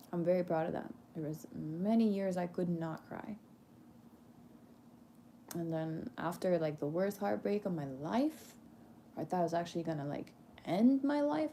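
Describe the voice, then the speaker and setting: A woman with a gravelly, mellow voice, talking straight to her audience in a candid monologue. She is emphatic and preachy, laughs often, and mixes swearing with casual slang. A faint hiss sits under her voice. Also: medium pitch. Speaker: performer speaking to her audience.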